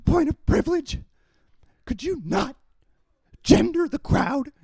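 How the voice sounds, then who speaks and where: A man voicing an offended young male college student who whines indignantly in a shrill voice. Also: animated, slow pace, darkish tone, dry recording, studio quality, full character voice.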